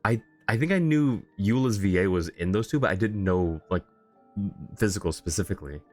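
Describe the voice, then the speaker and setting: Low-voiced man chatting on a stream. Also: expressive, brisk, darkish tone, soft background music. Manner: effusive, thanks viewers, laughs often. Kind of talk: casual live-stream chat while gaming.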